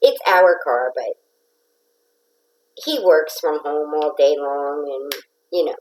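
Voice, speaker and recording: A woman's voice: low-pitched, slow pace, long pauses, a little mellow, poor audio. A nasal woman hosting a casual craft livestream, chatting and greeting viewers by name.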